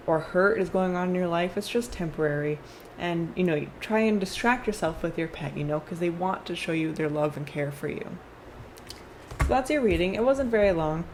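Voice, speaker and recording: A woman's voice: on the low side, a little mellow, slight background noise. A young woman chatting through a casual tarot card reading, rambling with fillers and restarts.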